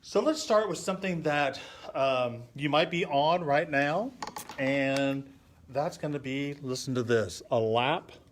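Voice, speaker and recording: A man's voice: on the high side, measured pace, a little hiss or hum. A man teaching children a drawing and poetry lesson on a live stream, patiently counting syllables aloud as he thinks and draws. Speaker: art and poetry instructor for kids.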